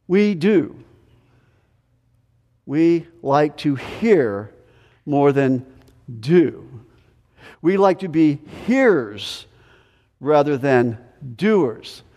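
A man preaching a sermon as pastor, earnest and repetitive, dropping from loud to hushed. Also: on the high side. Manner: earnest preaching, repeats words, swings from loud to quiet. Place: church sanctuary. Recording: long hall reverb.

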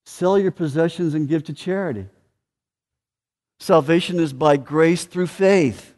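Male pastor, emphatic sermon delivery, voice a touch higher than usual, reverberant church. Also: a little mellow. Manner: emphatic preaching, rising and dropping in volume.

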